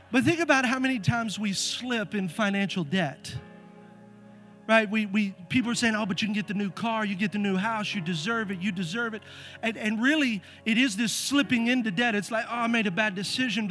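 A middle-aged male pastor preaching a sermon in a church, animated and acting out the voices in his stories. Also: high voice. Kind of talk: sermon with storytelling. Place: church sanctuary.

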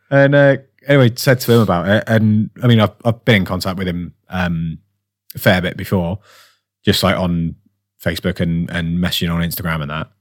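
A man's voice: low voice, normal speed, no room sound, clean studio sound. A tired man from England co-hosting a podcast in casual chat, rambling with lots of fillers and restarts. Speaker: podcast co-host.

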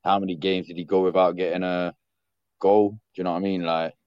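A man in casual football chat, animated and slangy, repeating words when he gets going, calling in on his phone. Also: low-pitched, a little fast, lo-fi sound. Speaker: football panel guest. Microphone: phone on a call.

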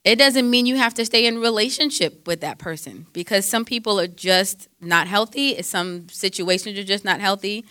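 Bright-voiced woman giving faith-based counsel. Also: mid-range voice, moderate pace, hardly any pauses, dry recording, studio quality. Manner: conversational, quotes scripture, frequent fillers. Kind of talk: faith-based advice talk.

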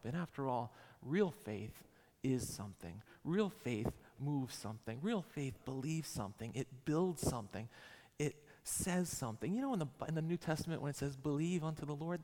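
Gravelly forties pastor, repetitive emphatic delivery, reverberant sanctuary. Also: male voice, medium pitch, darkish tone. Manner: emphatic, repetitive preaching cadence. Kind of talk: sermon. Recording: long hall reverb.

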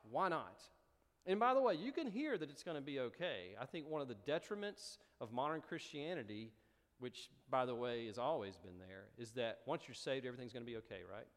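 A man preaching a sermon, animated and storytelling with rising emphasis. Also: on the high side. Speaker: pastor. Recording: long hall reverb.

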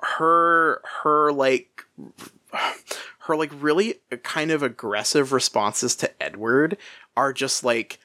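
A podcast co-host in casual book chat, talking in an animated way with lots of laughter, fillers and restarts. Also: medium pitch, slow pace, no echo, clean studio sound.

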